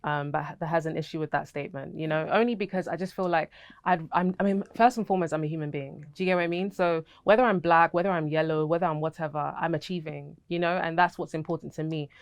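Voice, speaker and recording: Young British actress, low smooth voice, candid and chatty, dry close sound. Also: female voice, steady tone, quick pace, no room sound. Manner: candid, chatty, laughs easily. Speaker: actress interviewee. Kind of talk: casual interview answers.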